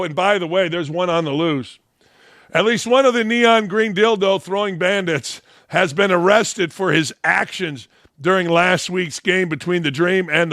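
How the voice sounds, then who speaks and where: A brash man hosting a sports talk show, his voice pitched high and bright. He mocks and jokes through his opinionated commentary, close and dry on the mic. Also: no echo. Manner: brash and mocking, animated.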